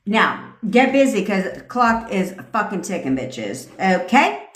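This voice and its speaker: A woman in her thirties giving a profane, commanding rant as a manifestation coach on a live stream. Her voice sits at an ordinary middle pitch, and she speaks bluntly and bossily into a phone. The room around her is echoey. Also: sing-song, measured pace, a bit bright. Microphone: phone mic.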